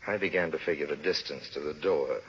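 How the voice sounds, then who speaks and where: A man's voice: a bass voice, a little fast, fairly bright tone. An actor playing a suave, sardonic con man who narrates an old radio drama. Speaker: narrator and lead. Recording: muffled old radio broadcast with hiss.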